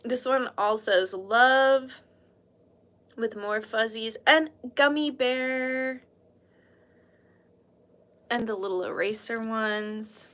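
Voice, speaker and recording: A woman's voice: a little high, drawn-out words, long pauses, fairly bright tone. A British woman hosting a casual livestream, chatting in a bubbly, giggly, gushing way. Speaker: livestream host showing handmade jewelry.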